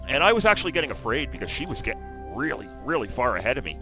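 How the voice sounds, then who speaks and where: A man talking through his gameplay in an excitable, chatty way, his pitch swinging up and down a lot. Clear background music plays under his voice the whole time. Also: fairly quick, hardly any pauses. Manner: excitable, chatty, jumps to loud exclamations. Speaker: gaming video host. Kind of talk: video game commentary.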